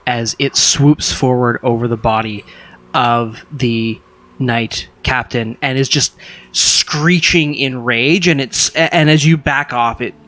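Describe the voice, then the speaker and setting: A man's voice: medium pitch, fairly even intonation, slow pace, a bit bright. A man narrating a tabletop game as game master, describing scenes unhurriedly with fillers.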